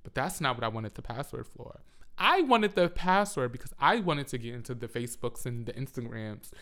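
A man's voice: medium pitch, sing-song, fairly quick, sharp tone. A man telling a rambling, profane story in a casual monologue on a handheld mic.

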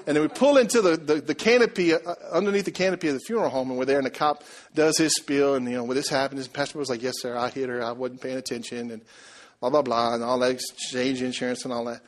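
Telling a story during his sermon, a pastor whose voice sits on the high side quizzes the congregation in an energetic, conversational style.

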